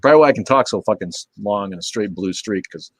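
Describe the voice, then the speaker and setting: A middle-aged man with a lowish voice chats loosely on a livestream, swearing freely and drifting between thoughts. His words often sink into quiet mumbles at the ends of phrases. The sound is dry and close, with little room around it. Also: lively intonation, quick pace, no room sound. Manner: rambling, profane, laid-back, trailing off into low mumbles. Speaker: livestream host. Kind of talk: casual livestream chat reading viewer comments.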